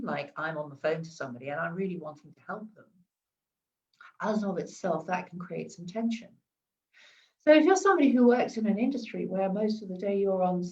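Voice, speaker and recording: Woman, coaching talk, chatty with restarts, sweeping pitch, dull lo-fi sound, far from mic. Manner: chatty, repeats and restarts words, plays with her pitch. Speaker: wellness coach. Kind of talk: live-streamed advice talk.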